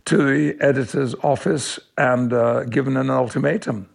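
An older man from Yorkshire, an actor being interviewed, telling stories in a measured way with small restarts. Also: medium pitch, creaky, breathy edge. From Yorkshire, England. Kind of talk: anecdotal interview answers.

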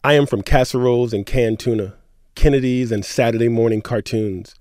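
Guy cohosting radio, earnest measured poem reading, mid voice, dry sound. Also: mid-range voice, steady tone, darkish tone, no room sound. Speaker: radio co-host. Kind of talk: radio chat and poetry reading.

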